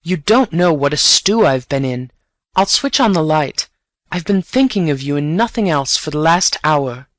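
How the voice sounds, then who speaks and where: A man voicing a nervous young gentleman burglar in an audiobook, anxious and eager. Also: fairly high pitch, lively intonation, normal speed, dry recording. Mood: relieved, eager.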